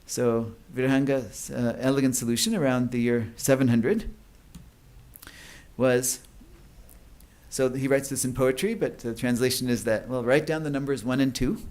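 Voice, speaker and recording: A man's voice: mid-range voice, normal speed, a little mellow. Man giving a conference lecture. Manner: explanatory, with frequent fillers and restarts. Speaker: conference speaker. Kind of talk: academic lecture.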